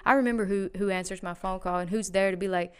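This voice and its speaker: A woman with a very smooth, resonant voice tells a personal story as a podcast guest. She rambles and restarts often, then leans hard on key words. Her pitch sits mid-range for a woman. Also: steady tone, fast talker. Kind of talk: casual podcast chat.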